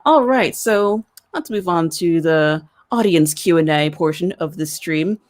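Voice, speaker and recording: A host running a casual livestream chat and reading audience questions, relaxed and giggly. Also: medium pitch, measured pace.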